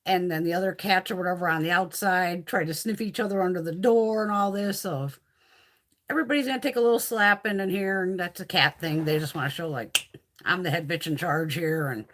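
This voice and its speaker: A woman's voice: medium pitch, fairly quick, a bit bright. A woman hosting a casual livestream, chatting with viewers in a loose, profane way. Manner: chatty, profane, reads and answers viewer comments. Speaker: livestream host.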